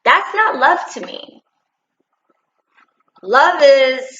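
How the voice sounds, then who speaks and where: A woman's voice: mid-range voice, unhurried, highs cut off, slight background noise. Brief: woman vlogger, impassioned and preachy, swooping voice, roomy room sound. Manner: preachy, animated, acts out quotes. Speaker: commentary vlogger. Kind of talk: opinion vlog monologue.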